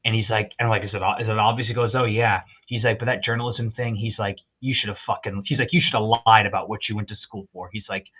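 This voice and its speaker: A man's voice: on the low side, fast talker, few pauses, husky. A man telling profane army stories in a casual podcast chat, acting out other people's lines as he goes. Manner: profane, animated storyteller, quotes others in voices. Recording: tinny phone-like line.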